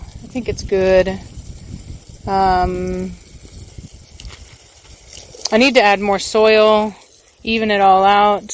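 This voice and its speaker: A woman's voice: medium pitch, slight background noise. A woman dog breeder chatting casually in her backyard while she waters the garden, rambling along with lots of fillers. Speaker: dog breeder and channel host.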